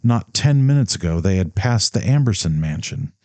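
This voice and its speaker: Man narrating audiobook, low pitch, dark mellow tone, dry close sound, measured. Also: animated, dry recording. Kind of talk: scripted narration.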